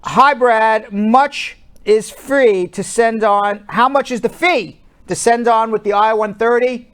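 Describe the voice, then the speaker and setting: A man's voice: very high-pitched, moderate pace, few pauses, fairly bright tone, clear, resonant tone. Playful man in his fifties hosting live. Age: 50s. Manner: playful, teasing banter. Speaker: host. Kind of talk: live-stream chat. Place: studio. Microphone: wired studio mic.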